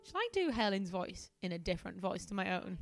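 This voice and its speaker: A woman's voice: medium pitch, sing-song, a little fast, gravelly, faint music behind. A young woman, a comedian and scientist, casually reading a novel aloud on a podcast, giggling and breaking off to comment. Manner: giggly, self-interrupting.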